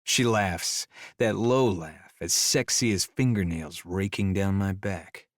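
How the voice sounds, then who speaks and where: A man with a fairly low voice narrates a first-person romance in an easygoing storytelling way. His close studio mic gives a dry sound with no room. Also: slow pace, no echo. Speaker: audiobook narrator.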